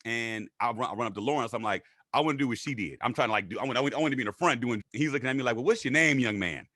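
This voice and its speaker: Man, quick and lively storytelling, dry close sound. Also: no room sound. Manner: animated, acts out quotes in high voices. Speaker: guest. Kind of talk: casual storytelling interview.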